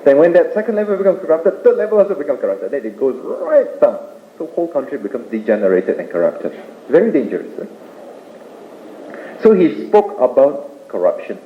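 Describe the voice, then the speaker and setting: A man's voice: a little high, sing-song, fairly quick. A man giving a Buddhist Dharma talk, explaining points with rhetorical questions and tag-ending "eh?". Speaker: Buddhist speaker. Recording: tinny roomy old tape with faint hiss.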